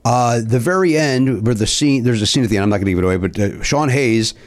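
A man's voice: medium pitch, fast talker. A middle-aged man, a comedian and co-host, chatting casually and telling rambling stories that trail off and restart. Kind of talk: casual chat.

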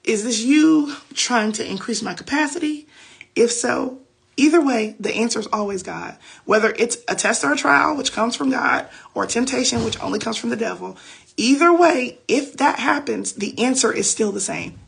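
A woman's voice: on the high side, lively intonation, normal speed, vocal fry, fairly bright tone, breathy edge. A woman hosting a faith podcast, giving casual Bible teaching on a phone livestream in a chatty, preachy way with loose slang.

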